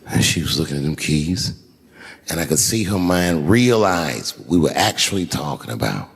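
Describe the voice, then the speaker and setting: A man telling stand-up comedy stories onstage at a large venue into a handheld mic, swinging between shouted punchlines and low, hushed asides. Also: lively intonation, moderate pace, vocal fry, slightly rough. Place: large performance venue on stage. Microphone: handheld stage mic. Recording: long hall reverb, faint noise.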